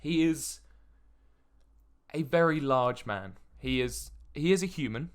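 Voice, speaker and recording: A man narrating a tabletop game as dungeon master, describing scenes with halting fillers. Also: a little high, lively intonation, clear, resonant tone.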